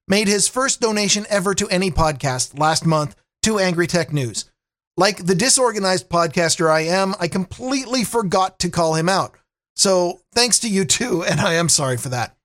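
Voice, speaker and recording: A man's voice: high-pitched, fairly bright tone. A man hosting a podcast, signing off in a wry, self-deprecating way. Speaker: podcast host. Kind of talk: podcast sign-off.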